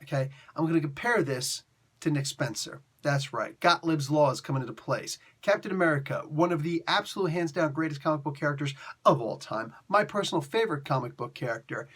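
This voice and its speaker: Excitable man reviewing comics. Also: on the high side, a little fast, slightly rough. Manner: excitable, laughing, slangy. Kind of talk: casual video review.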